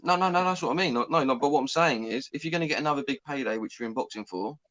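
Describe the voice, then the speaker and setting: Animated British lad arguing boxing. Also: male voice, medium pitch, racing, no room sound, highs cut off. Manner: animated, argumentative, acts out quotes. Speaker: co-host. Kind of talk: heated casual debate.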